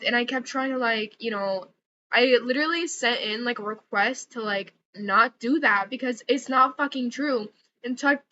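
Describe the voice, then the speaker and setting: A young woman vents in a loose, rambling vlog, swearing freely and leaning on "like" between every thought. Her voice is bright and sharp, set a little high. The audio is slightly dull and lo-fi, with a faint hiss underneath. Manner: profane, exasperated, many fillers like "like". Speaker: vlogger. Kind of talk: casual ranting vlog.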